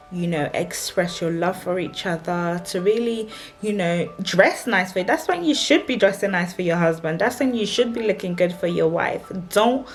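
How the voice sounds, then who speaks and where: Chatty woman, low voice. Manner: chatty, emphatic, repeats warnings. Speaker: married vlogger giving relationship advice. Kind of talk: casual advice talk to camera.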